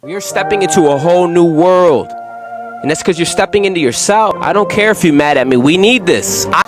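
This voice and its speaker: A young man giving an intense, profane spiritual monologue to his viewers, swinging between fast ranting and slow, emphatic lines. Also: sits high, over music. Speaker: spiritual content creator.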